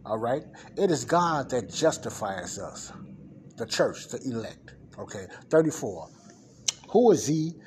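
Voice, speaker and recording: A man's voice: medium pitch, sing-song, measured pace, darkish tone, slight background noise. Man teaching a sermon Bible lesson. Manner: reads verses aloud then explains them, asking the listeners questions.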